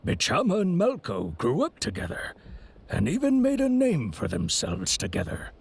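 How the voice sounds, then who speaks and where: A man's voice: a little high, wildly swooping pitch, normal speed, gravelly, husky, exaggerated voice. An actor playing a friendly, chatty older male merchant who tells stories in a folksy way in a video game. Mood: storytelling.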